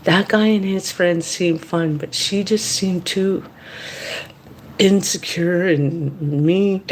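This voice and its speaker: Slow-talking woman in a whispery mukbang chat. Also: medium pitch, darkish tone. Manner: slow, chatty, drifting between whisper and voice. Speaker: mukbang vlogger. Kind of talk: whispered casual chat while eating.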